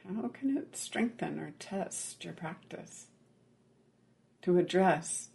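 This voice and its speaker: A meditation teacher with a gravelly voice gives a Buddhist dharma talk at a mid-range pitch. The delivery is measured and full of pauses, with frequent "right?" check-ins. Key words soften to a near-whisper. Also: lively intonation, slight background noise.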